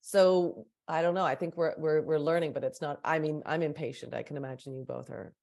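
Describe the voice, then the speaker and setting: A woman co-hosting a podcast, chatting casually with quick asides. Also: sits low, creaky, a little mellow. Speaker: podcast co-host. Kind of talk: casual conversation.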